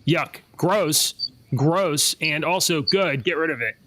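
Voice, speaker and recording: A man's voice: on the high side, slow, a crowd in the background. A man co-hosting a casual podcast chat, speaking in a blunt, firm and opinionated way. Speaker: podcast co-host.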